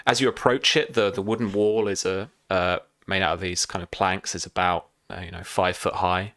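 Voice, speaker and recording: A man narrating as game master for a tabletop game, pausing often with fillers. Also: deep voice, sharp tone, smooth, dry recording, clean studio sound. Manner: hesitant, many fillers.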